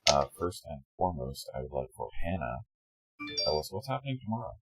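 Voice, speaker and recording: A hoarse man, the regular dungeon master, loosely rambling through a casual show intro and announcements. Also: rumbling low, very animated, a little fast, dry recording, faint music behind, rough recording. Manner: loose, rambling, loses his train of thought.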